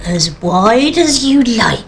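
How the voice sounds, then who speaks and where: A woman acts out a flustered housewife who speaks slowly and earnestly, her pitch rising and falling. Music plays softly behind her. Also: very animated. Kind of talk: sketch comedy acting.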